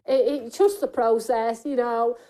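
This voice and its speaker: A woman hosting a live craft shopping show, chatty and jokey as she pitches deals and reads viewer comments. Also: fairly even intonation, unhurried, mellow.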